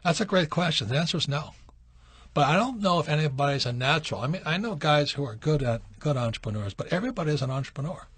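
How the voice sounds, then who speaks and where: A slightly high, slightly rough male voice moves at a quick pace with no echo. He's a radio show host answering call-in questions by recalling his youth in a casual storytelling style, animated when he performs quotes.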